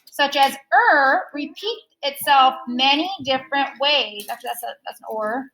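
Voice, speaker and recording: A woman's voice: high voice, normal speed, background noise. A woman teaching a recorded phonics lesson, patiently modeling sounds and asking the listener to repeat after her.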